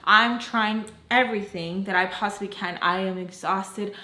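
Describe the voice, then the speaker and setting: A woman vlogger telling a storytime while doing her makeup, animated and full of fillers and swearing. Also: medium pitch, normal speed, roomy sound. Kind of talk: storytime vlog.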